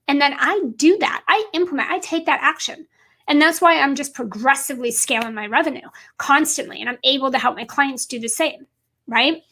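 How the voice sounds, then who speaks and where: A woman's voice: high voice, normal speed, creaky, bright, forceful tone. A woman business coach giving an earnest, emphatic motivational talk on a livestream, repeating points for stress.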